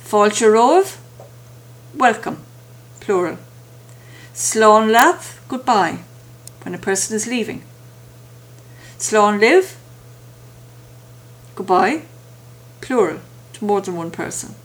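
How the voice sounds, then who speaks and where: A woman teaching a language lesson, saying each phrase and then its translation with slow, careful pronunciation. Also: mid-range voice, lively intonation. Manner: slow, careful enunciation with pauses between phrases.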